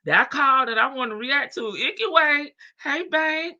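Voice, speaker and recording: Woman running a livestream, slangy and playful, slow easy talk, dry dull lo-fi mic. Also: high voice, sharp tone, no room sound. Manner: slangy, playful, greets chat members by name. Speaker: livestream host. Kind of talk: casual livestream chat with viewers.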